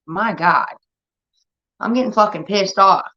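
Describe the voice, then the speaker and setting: Speaking unhurriedly in a mid-range voice, a woman running a livestream chats casually but bluntly, cursing as she shows irritation with her moderators. The sound is dull lo-fi stream audio.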